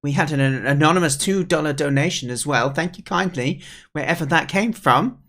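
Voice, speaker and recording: A man casually commenting while playing and reading games on stream, playful and quick to laugh at himself. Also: a little high, fairly bright tone. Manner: playful, laughs at his own jokes. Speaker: streamer playing game jam entries.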